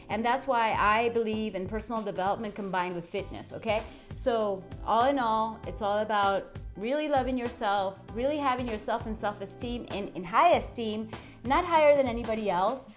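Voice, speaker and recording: A woman hosting a motivational podcast monologue, talking in a chatty way, often checking in with the listener and shifting her tone and inflection as she gets excited. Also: a little high. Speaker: podcast host.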